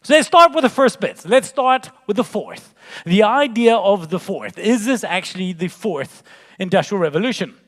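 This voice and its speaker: A man in his forties delivers a conference keynote from the stage, joking with the crowd and slipping into storytelling. His voice sits high for a man. A long reverb hangs on every phrase in the large hall. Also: normal speed. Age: 40s. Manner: jokey, animated, storytelling. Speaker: keynote speaker.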